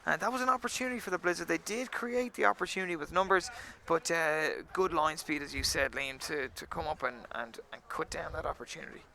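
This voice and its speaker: Man, rugby color commentary, higher voice, gravelly edge, dry wit. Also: fairly quick, few pauses, pushed and bright. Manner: analytical, dry humor. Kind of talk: live sports commentary.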